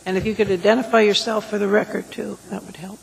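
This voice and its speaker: A woman's voice: mid-range voice, flat delivery, creaky, a little hiss or hum, rough recording. Woman chairing a public assembly. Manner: brisk, reads long lists aloud. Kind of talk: formal meeting chairing.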